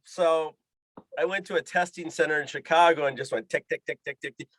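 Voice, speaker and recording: His voice sits on the high side, fairly bright, with fairly even intonation and a fairly quick pace, captured in a dry recording. He's a pilot and fishing guide on a podcast, animatedly telling a story and voicing the dialogue he quotes.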